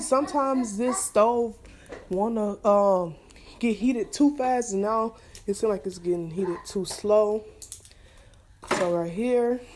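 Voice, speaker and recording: A young mother talks her viewers through breakfast in her home kitchen. Her delivery is relaxed and chatty, with plenty of pauses and fillers as she cooks. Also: mid-range voice, slight background noise. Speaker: vlogger and mother. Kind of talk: casual cooking vlog chat.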